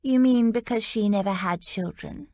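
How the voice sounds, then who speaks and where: A woman voicing a kind young married woman in an audiobook, soothing and calm. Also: a little high, moderate pace, dry recording, natural voice.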